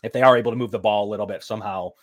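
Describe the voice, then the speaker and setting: A man's voice: on the low side, fairly even intonation, rapid-fire. A man co-hosting a sports podcast, giving loose, filler-heavy game predictions in casual chat. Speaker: podcast co-host.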